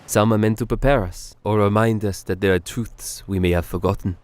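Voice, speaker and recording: Guy doing a gentle wise companion, low and calm, kinda different timbre, slow and soothing, dry sound. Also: clear, resonant tone, close to an everyday voice. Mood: gentle reassurance. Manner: gentle, unhurried, reassuring.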